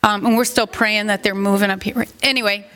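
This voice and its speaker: A woman's voice: mid-range voice, steady tone, fairly quick, fairly bright tone, a little hiss or hum. A middle-aged woman pastor giving a sermon in a conversational, rambling way, with asides that rise into emphatic questions.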